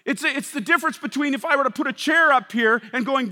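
A man preaching a sermon, swinging from loud emphatic passages to hushed, intense ones. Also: very high voice, quick pace, long reverb tail. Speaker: pastor.

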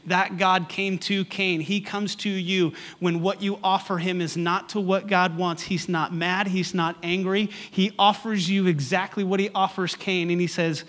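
A male pastor delivering a sermon in a rhythmic, repetitive preaching cadence that builds from quiet reflection to impassioned exhortation. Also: high voice, level tone, unhurried, few pauses.

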